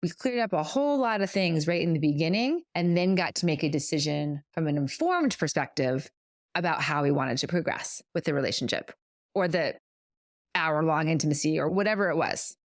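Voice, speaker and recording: A woman's voice: deep voice, animated, brisk, no echo, studio quality. A middle-aged woman co-hosting a casual podcast, explaining her thoughts earnestly and at length, often correcting herself mid-sentence. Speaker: podcast co-host.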